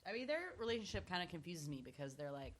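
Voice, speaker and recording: A young woman with a low voice chatting casually as a podcast co-host. She is relaxed and drops in a lot of filler words. There is a faint hiss behind her. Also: quick pace. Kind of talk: casual chat.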